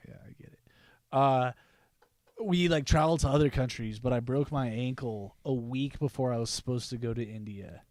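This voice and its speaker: A young man swaps stories in relaxed podcast chat, laughing easily. His voice sits at an ordinary mid pitch. The recording is dry and close, with no room sound. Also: normal speed, no echo. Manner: laid-back storyteller, laughs often, says "dude". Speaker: podcast co-host. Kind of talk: casual chat.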